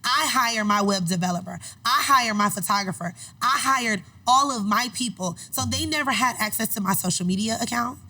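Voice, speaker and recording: Woman on a podcast telling her story, lively, acts out voices, kinda high and bright. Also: normal speed, few pauses. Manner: animated, acts out quoted voices; emphatic, repeats phrases for effect. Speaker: podcast guest. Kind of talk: casual interview storytelling.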